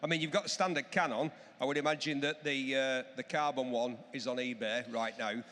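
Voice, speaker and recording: A man in his fifties, a motorcycle expert guest, telling lively stories and giving emphatic advice. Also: mid-range voice, a little fast. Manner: animated storytelling, emphatic advice. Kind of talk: enthusiastic anecdotal chat. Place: auction hall. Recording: long reverb of a large hall.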